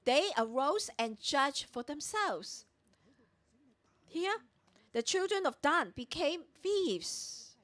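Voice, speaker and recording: During a morning prayer meeting, a woman teaches from the Bible verse by verse, retelling the scripture and acting out the characters' dialogue. Her high-pitched, fairly bright voice has a sing-song lilt, and she takes it slowly.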